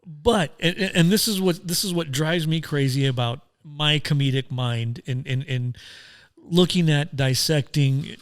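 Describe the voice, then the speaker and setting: A man's voice: on the high side, measured pace, clear, resonant tone. A man co-hosting a casual talk show, carefully laying out his opinions. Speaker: podcast host. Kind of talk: casual chat.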